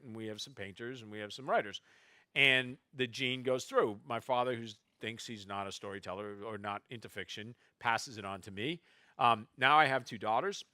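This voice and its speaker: A man telling family anecdotes to a festival audience, quoting relatives in quick asides. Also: medium pitch, bright, forceful tone, no echo, studio quality. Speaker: novelist speaking at a festival. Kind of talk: storytelling talk to an audience. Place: festival stage before a live audience.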